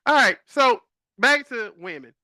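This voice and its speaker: A man co-hosts a chatty podcast, telling stories with plenty of laughter. His voice sits high and swings widely in pitch, with a very bright, forceful tone. The sound is dry and close. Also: measured pace, no echo. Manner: laughs often, animated storytelling. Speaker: podcast co-host. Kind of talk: casual chat.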